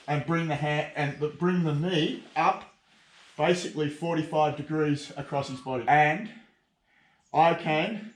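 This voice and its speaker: A man with an Australian accent, a jiu-jitsu instructor explaining techniques in a rambling way with fillers and restarts. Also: fairly high pitch. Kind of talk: casual instructional talk. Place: martial arts gym. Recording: echoey gym from far off, faint music.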